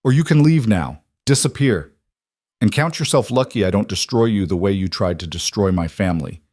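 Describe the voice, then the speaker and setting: A man's voice: fairly low pitch, lively intonation, moderate pace, a little mellow, dry recording, clean studio sound. A man voicing a stern, grieving nobleman duke in a storybook reading. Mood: cold. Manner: icy then pained.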